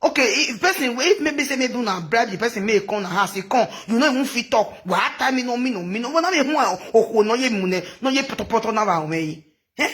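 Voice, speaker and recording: A woman's voice: a little high, expressive, quick pace, a bit bright. A Nigerian woman giving rambling, chatty gossip commentary into her phone, mixing in local phrases and laughing often. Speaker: social media commentator.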